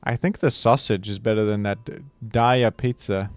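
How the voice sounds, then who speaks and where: A man's voice: fairly low pitch, steady tone, moderate pace, clean tone, no echo, faint music behind. A young adult man streaming a guessing game, chatting casually, laughing often and tossing in mock accents for jokes. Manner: playful, laughs often, mock British impressions. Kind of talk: casual live-stream commentary.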